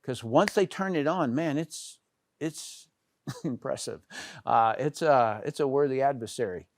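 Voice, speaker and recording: A man's voice: mid-range voice, unhurried, clean studio sound. Middle-aged guy teaching network marketing, casual and chatty, lots of uh and restarts, medium voice, no room echo. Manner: conversational, many fillers and restarts, pointing with "here". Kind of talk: casual training talk to camera.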